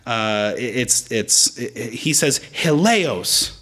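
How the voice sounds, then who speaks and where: Brief: male preacher, mid-pitched, very animated delivery, explains the Greek text. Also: moderate pace. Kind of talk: sermon.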